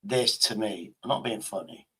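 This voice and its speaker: Husky streamer guy, talks to himself, swears a lot, casual. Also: lowish voice, normal speed, bright, forceful tone. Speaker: livestreamer. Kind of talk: casual livestream chat.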